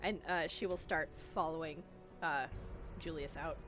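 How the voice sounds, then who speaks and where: A woman's voice: low voice, fairly even intonation, measured pace, fairly bright tone, soft background music. A woman playing in a tabletop game, bubbly and chatty. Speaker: player. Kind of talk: casual tabletop play.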